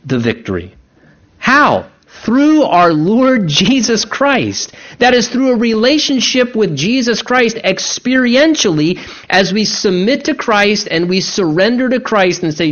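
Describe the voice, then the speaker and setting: A man's voice: sits high, lo-fi sound. A male pastor preaching a sermon to a congregation, swinging his voice up and down for emphasis. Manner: animated preaching, voice rising and dropping for emphasis. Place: church sanctuary.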